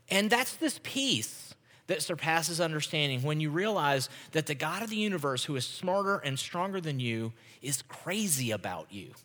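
Male pastor, talky sermon delivery, brightish voice, big sanctuary reverb. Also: high voice, expressive, moderate pace. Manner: conversational preaching, often checks in with "right?". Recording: long hall reverb.

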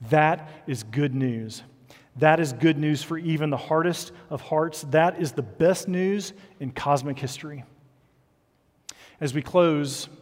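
Earnest preacher man in reverberant hall. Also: on the high side. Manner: earnest, drops to soft quiet emphasis. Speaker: pastor. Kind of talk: sermon.

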